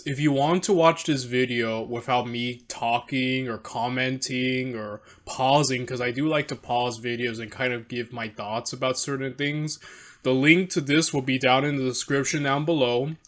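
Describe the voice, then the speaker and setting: A man reacts to a video in loose, rambling commentary, poking fun at himself and tripping over his words. His voice sits at an ordinary middle pitch. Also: steady tone, measured pace, a bit bright. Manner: rambling, self-deprecating, frequent restarts and laughs.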